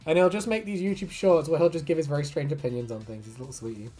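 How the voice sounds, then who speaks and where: Low-voiced woman, laughing chat. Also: racing, warm tone, faint music behind. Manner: swears freely, laughs often, rambling anecdotes. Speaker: artist streamer. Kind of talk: casual stream chat.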